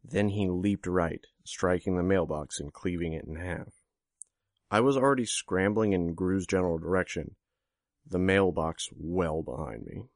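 A man with a low, deep voice reads a first-person story in a steady, measured way. The recording is dry and close, with no room sound around the voice. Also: no room sound. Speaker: audiobook narrator. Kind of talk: first-person fiction narration.

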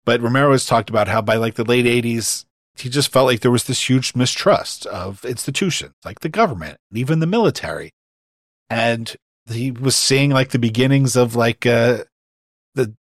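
A man's voice: mid-range voice, no echo, clean studio sound. A man talking casually and enthusiastically about a film, filling his sentences with "like" and "you know". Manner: enthusiastic, heavy use of "like".

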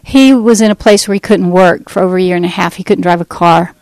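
A middle-aged woman telling her personal testimony in an earnest, conversational way, pausing and restarting as she goes. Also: lowish voice, a little mellow, no room sound, poor audio. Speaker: speaker giving a testimony.

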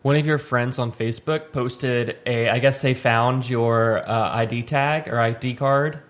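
A man's voice: medium pitch, steady tone, measured pace, a little hiss or hum. A man hosting a podcast in a studio, chatting casually and often restarting his sentences mid-thought. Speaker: podcast host. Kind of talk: casual chat.

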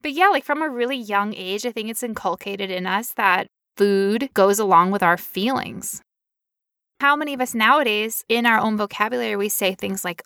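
A woman co-hosting a casual podcast, talking in an animated way and acting out quoted voices. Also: medium pitch, normal speed, clean tone, no echo, studio quality. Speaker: podcast co-host.

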